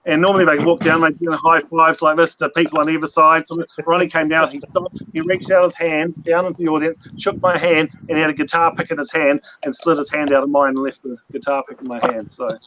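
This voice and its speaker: New zealand man, fairly high voice, rambling, restarts a lot, dull lo-fi sound, faint hiss. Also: level tone, brisk, few pauses, bright, forceful tone. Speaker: host. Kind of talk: casual storytelling chat. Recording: dull lo-fi audio, faint noise.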